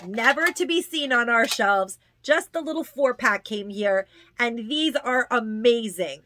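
A woman's voice: fairly high pitch, lively intonation, a little slow, sharp tone, no echo. A woman chatting casually through a product haul, gushing and repeating words for emphasis. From New York. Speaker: haul vlogger.

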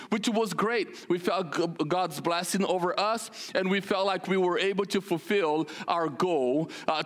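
A man's voice: high voice, a bit bright. A man from Brazil, the senior pastor, joking and telling stories to his congregation with many restarts and fillers. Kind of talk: casual sermon announcements.

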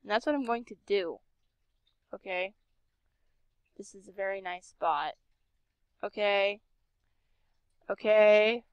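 A woman's voice: medium pitch, takes it slowly, long pauses, clear, resonant tone, no room sound, highs cut off. Chatty, sarcastic woman playing a game. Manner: chatty, sarcastic, talks to herself. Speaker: game streamer. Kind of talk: casual game commentary.

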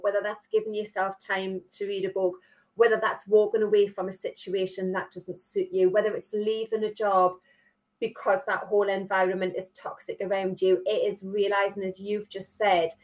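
Geordie woman chatting on a podcast, mid pitched, keeps tossing in "isn't it?" tags. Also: level tone, moderate pace, darkish tone. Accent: Geordie, northeast England. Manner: chatty, leans on tag questions. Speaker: podcast co-host. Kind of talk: casual chat.

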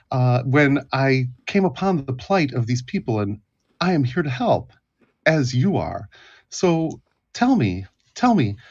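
A man voicing a solemn traveling male priest who speaks in a measured, earnest way. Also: mid-range voice, slightly rough, lo-fi sound, full character voice.

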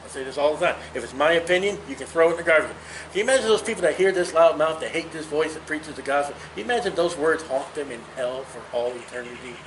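A man's voice: fairly high pitch, lively intonation, fast talker, slight background noise, low-quality recording. A man in his fifties teaching a Bible study in an earnest, emphatic, personal way, talking straight to his listeners. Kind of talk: conversational Bible study preaching.

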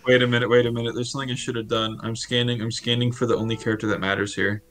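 A man's voice: mid-range voice, level tone, rapid-fire, a bit bright, faint music behind. A man co-hosting a casual podcast, teasing and joking with his partner. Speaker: podcast co-host. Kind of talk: casual chat.

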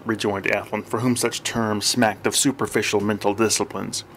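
Guy narrating an audiobook, dry and even. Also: on the low side, moderate pace, slight background noise. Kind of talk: scripted narration.

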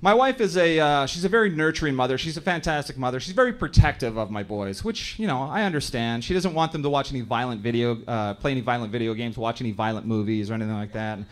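A Canadian man in his thirties performing a stand-up comedy set on a club stage, telling family stories and briefly acting out other people in quick voices. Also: mid-range voice, expressive. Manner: storytelling, acts out other characters in quick voices.

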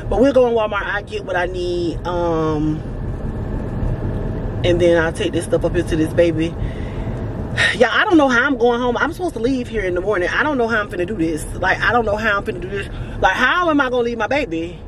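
Mid-pitched woman in her forties, a vlogger, chatty and rambling, filming in her car with road noise. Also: animated, brisk. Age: 40s. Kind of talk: casual vlog talking to camera.

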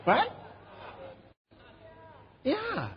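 A man's voice: very high voice, huge pitch swings, extremely slow, a faint crowd. A man preaching a sermon as a pastor, asking the listeners questions and acting out the words of others. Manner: emphatic preaching with rhetorical questions and quoted voices. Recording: reverberant hall, dull lo-fi sound.

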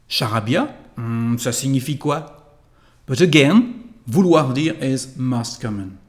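Tutor man explaining phrases. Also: medium pitch. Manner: clear, deliberate explanation with repeated model phrases. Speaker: online French tutor. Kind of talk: language lesson.

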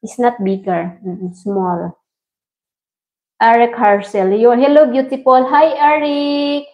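Slow-talking woman livestreaming. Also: on the high side, steady tone. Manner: non-native English, greets viewers by name. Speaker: livestream host reading viewer comments. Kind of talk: casual livestream chat. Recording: dull lo-fi stream audio.

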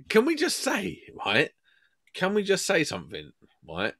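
A man's voice: sits high, wildly swooping pitch, measured pace, a bit bright. A man, co-hosting a podcast and ribbing his co-hosts with playful jabs. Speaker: podcast co-host. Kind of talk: casual podcast banter.

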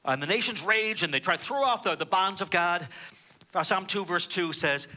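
A man preaching as a rabbi, telling a story with dramatic swings from loud to hushed. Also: sits high, brisk. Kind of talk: sermon.

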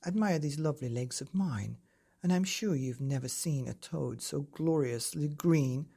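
A woman voicing a cheery, boastful giant male toad in a high, sing-song way. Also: unhurried, gravelly, warm tone, husky, exaggerated voice. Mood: jolly.

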